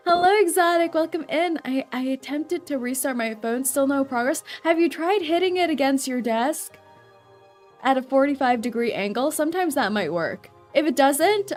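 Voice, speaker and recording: High-voiced playful woman streamer. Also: animated, moderate pace, soft background music. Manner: playful, chatty, laughs often, greets viewers by name. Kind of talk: casual live-stream chat.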